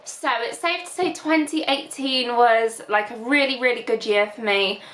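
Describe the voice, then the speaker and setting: A woman's voice: on the high side, unhurried, a bit bright, a little hiss or hum. Northern english girl in her 20s vlogging, lots of likes and ums, roomy echo. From England. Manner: chatty, many fillers, emotional and teary at times. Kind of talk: casual reflective vlog chat.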